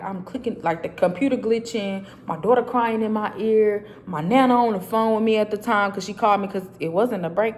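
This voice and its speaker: Animated woman sharing a faith story. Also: mid-range voice, a little hiss or hum. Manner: animated storytelling, acting out her own dialogue; casual, loose and chatty with many fillers. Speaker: vlogger. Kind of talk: casual faith testimony vlog. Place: a quiet private space.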